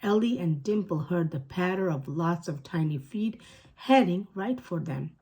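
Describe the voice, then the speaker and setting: A woman narrating a chapter book aloud in a calm, steady storytelling manner. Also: fairly low pitch, unhurried, husky. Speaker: storytime reader.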